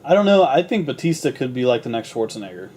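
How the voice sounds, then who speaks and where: A man's voice: medium pitch, big pitch swings, fast talker, a little mellow, breathy edge. A young man co-hosting a casual movie review chat, easygoing and agreeable.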